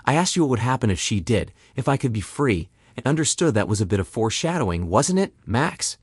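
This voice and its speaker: Bitter, lively male storyteller. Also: medium pitch, fairly quick, hardly any pauses, husky, no echo, clean studio sound. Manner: bitter, indignant retelling. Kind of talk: first-person story narration.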